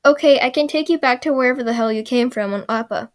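A woman voicing a cheerful, innocent young boy, raised in pitch and a bit loud. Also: fast, close to an everyday voice.

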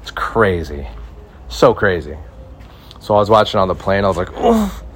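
A man's voice: sits low, moderate pace, slight background noise. A man from Mexico hosting a comedy podcast, rambling and joking as he tells stories. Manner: rambling, joking, animated storytelling. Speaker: podcast host. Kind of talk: casual comedy chat.

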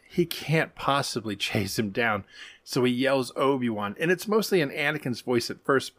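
A podcast co-host runs through an episode recap in a casual, animated way, tossing in wry jokes and the odd swear word. His voice sits at an ordinary middle pitch for a man. The sound is dry, with no room echo.

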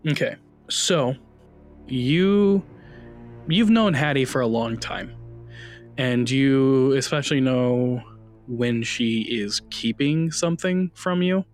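A man acting as game master for a tabletop horror game narrates scenes in a relaxed, slow manner at medium pitch, with plenty of ums and uhs. Soft music plays in the background.

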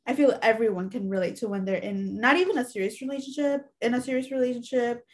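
A woman's voice: fairly high pitch, steady tone, fast. A young woman in casual conversation who sounds thoughtful and supportive toward her friend. She pads her thoughts with "you know" and "like" as she works them out. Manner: reflective and supportive, with many "you know" fillers. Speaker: podcast co-host. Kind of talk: casual chat.

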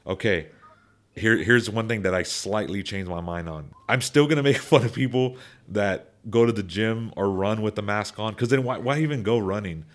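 A young man chatting casually on a podcast, rambling with many restarts and repeated words, now and then turning animated. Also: on the low side, moderate pace. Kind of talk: casual opinion chat.

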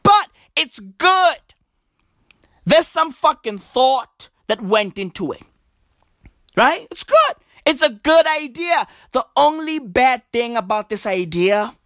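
A young woman with a South African accent riffs through stand-up comedy, profane and full of slang. Her voice sits high and her delivery is slow and drawn out. The sound is dry and close, with no room around it. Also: animated, dry recording.

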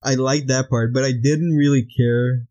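A man's voice: mid-range voice, steady tone, moderate pace, mellow, dull audio. A young man co-hosting a casual podcast chat about a film, rambling with many fillers. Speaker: podcast co-host.

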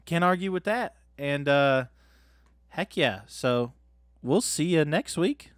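A man's voice: a little high, animated, slow, no echo. Rambling joking podcast guy, dry close sound. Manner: joking, rambling recap with fillers. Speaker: podcast co-host. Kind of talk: casual comedic chat.

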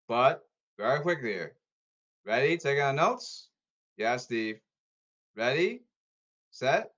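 A man in a rambling monologue, repeating commands and calls, with loud bursts and sudden drops in volume. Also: medium pitch. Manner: repetitive, issuing commands and calls.

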